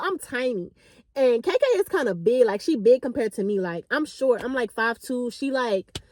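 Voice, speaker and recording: A woman in her late twenties, a vlogger, telling a story in a chatty, animated, slangy way. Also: high-pitched, no room sound, studio quality. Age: late 20s. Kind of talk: casual storytime.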